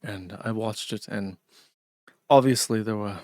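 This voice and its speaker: A man's voice: on the low side, no echo, studio quality, pitched below the performer's own voice, close to an everyday voice. A man doing an impression of a dour, serious Scottish male video commentator who speaks in a downtrodden, accusing way with a Scottish accent. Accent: Scottish (put on). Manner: downtrodden, grave, slow and accusing.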